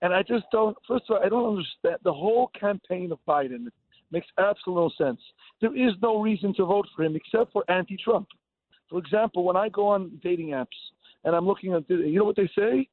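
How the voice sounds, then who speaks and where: A man from California calling in to a radio show, rambling excitedly and repeating his words. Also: sits high, fairly quick, no echo. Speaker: caller. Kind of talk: casual call-in chat. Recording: tinny phone line.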